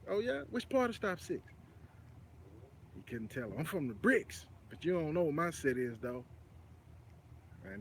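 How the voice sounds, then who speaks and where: A mid-pitched man from North Texas hosts a live commentary show, talking the news through in an easygoing storytelling way. He drifts into preachy asides and leans on "you know what I'm saying", and a faint hiss sits under his voice. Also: a bit bright. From Dallas-Fort Worth area, Texas. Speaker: host of a commentary channel.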